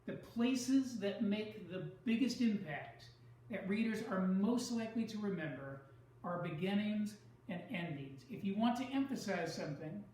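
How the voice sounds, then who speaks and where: A man teaching a recorded online writing lesson, explaining step by step in a measured way and leaning on key words. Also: high voice, lively intonation, darkish tone, heavy reverb, distant mic, a little hiss or hum, rough recording.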